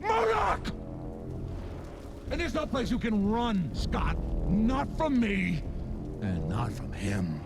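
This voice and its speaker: Film villain, male, giant-headed and bitter, gravelly and taunting. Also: high voice, huge pitch swings, slow pace, long pauses, over music, exaggerated voice. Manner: taunting, menacing. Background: film score.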